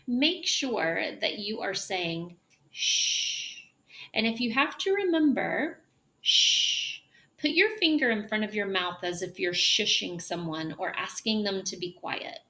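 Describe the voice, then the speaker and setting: A woman teaching English pronunciation, demonstrating sounds slowly and drawing out hushing noises. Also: medium pitch, expressive. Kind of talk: pronunciation lesson.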